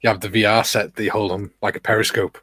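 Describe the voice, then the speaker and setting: A man's voice: lowish voice, fairly even intonation, fast, a bit bright. A man co-hosting a live stream, chiming in with short, laid-back remarks. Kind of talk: casual chat.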